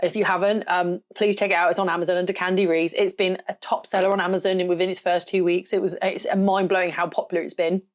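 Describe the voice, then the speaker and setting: A young adult woman from the south of England with a slight rural southern English accent, hosting a casual solo podcast in a loud, direct and blunt way. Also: fairly low pitch, level tone, fast talker, few pauses. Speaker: podcast host and photographer.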